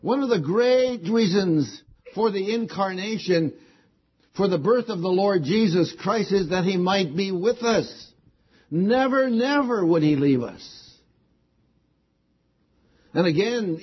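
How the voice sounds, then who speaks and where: A man's voice: high voice, slightly rough, muffled recording. A man preaching a sermon, stressing key words again and again with rising emphasis.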